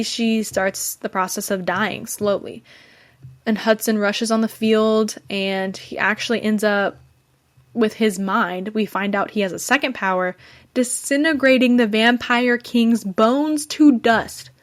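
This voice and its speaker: A young woman hosting a podcast, giving an excited, chatty recap of a fantasy book with lots of fillers and restarts. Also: medium pitch. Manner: gushing, enthusiastic, fangirling. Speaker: podcast host. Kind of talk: casual book review recap.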